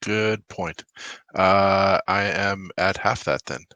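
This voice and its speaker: A man's voice: low-pitched, takes it slowly, sharp tone, dry recording. A man playing a tabletop game, unsure of the rules and asking about them. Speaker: player.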